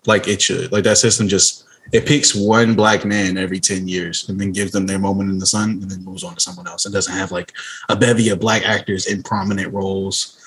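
A man's voice: low voice, little pitch movement, a little fast, fairly bright tone, husky. A man co-hosting a podcast, talking in a laid-back, earnest, slangy way in casual chat. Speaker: podcast co-host.

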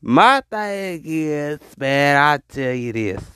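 A man preaches to his podcast audience, urging them to say it with him. His voice sits fairly high and swings widely in pitch. The recording is dry and close. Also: sing-song, bright, forceful tone, smooth, no echo. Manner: call-and-response exhortation, drawn-out hype. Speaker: podcast host. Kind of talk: motivational preaching monologue.

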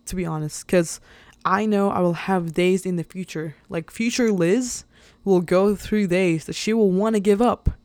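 A woman's voice: on the low side, darkish tone, dry recording. Chatty woman podcaster, dry close sound. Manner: chatty and rambling, with frequent fillers and laughs; openly emotional and earnest. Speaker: podcast host. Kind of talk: casual solo podcast monologue.

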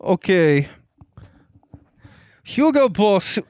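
A man's voice: high-pitched, sing-song, very slow, darkish tone, no room sound, heavily acted. Nervous German carpenter, played by a man in a put-on accent; hesitant, broken English, dry close sound. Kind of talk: improvised comedy sketch.

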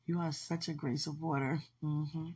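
A woman's voice: low voice, little pitch movement, normal speed, warm tone, slightly rough. A woman hosting a podcast in casual livestream chat, effusive and affectionate and laughing often. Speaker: podcast host.

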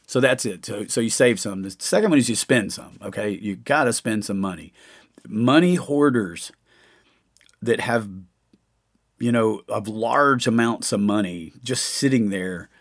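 Low-voiced man rambling profanely. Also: measured pace. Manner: rambling and profane, with frequent fillers. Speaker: podcast host. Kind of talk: casual storytelling monologue.

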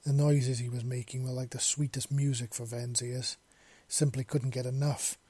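A man narrating a romance story in a quiet, intimate reading. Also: mid-range voice, flat delivery, normal speed, husky.

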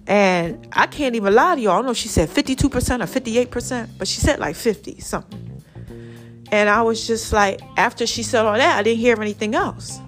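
A woman's voice: on the high side, expressive, a little fast, soft background music. A woman hosting her own podcast, chatting casually and calling her listeners y'all and baby. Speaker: podcast host. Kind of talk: casual solo podcast talk.

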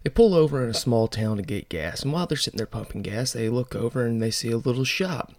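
A man hosts a casual toy podcast, telling a joke and chatting playfully with listeners about toy news. His medium-pitched voice is animated, quick and a little mellow, full of jokey, self-deprecating asides, and the recording is dry.

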